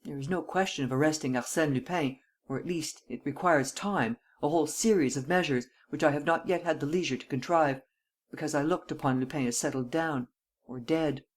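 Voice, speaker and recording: A reader doing a calm, measured chief detective. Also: medium pitch, close to an everyday voice. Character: calm, self-assured male chief detective. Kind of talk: audiobook reading.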